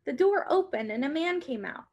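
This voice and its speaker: A woman reading a children's story aloud with an expressive, dramatic delivery. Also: sits high, normal speed, dull audio.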